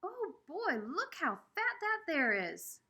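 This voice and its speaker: A woman voicing a friendly, talkative country boy who is the new kid at school, with a husky voice and an eager country drawl. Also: fairly high pitch, sing-song, normal speed, a bit bright, heavily acted. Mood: excited.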